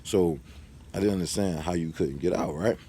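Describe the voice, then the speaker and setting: A man with a low, deep voice talks loosely to his camera. He rambles and turns street-casual. He sometimes stops to give his viewers advice. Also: normal speed, warm tone, breathy edge. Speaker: vlogger.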